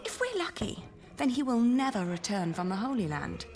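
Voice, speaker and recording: An actress playing the sensible younger sister of a knight in a story game, reasoning and pleading. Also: female voice, fairly high pitch, very animated, moderate pace. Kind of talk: game voice acting. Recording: game audio with loud music.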